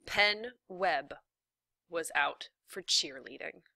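A woman reading a novel aloud in a steady, even narration. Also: deep voice, takes it slowly, creaky, no room sound, studio quality. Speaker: reader.

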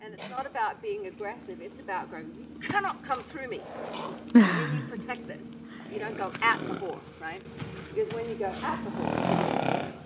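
A woman's voice: mid-range voice, normal speed, gravelly, over a noisy crowd. A woman horse trainer explaining horse behaviour outdoors by a paddock, acting out little voices as she talks. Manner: animated, acts out little voices for horses and people. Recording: distant mic with loud outdoor noise.

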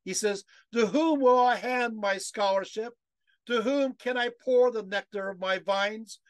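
Male lecturer on a video call, high-pitched, emotional, prone to restarts and rhetorical questions. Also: measured pace, dry recording. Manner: emotional, chokes up while reading quotes; many fillers and restarts, asks the audience rhetorical questions.

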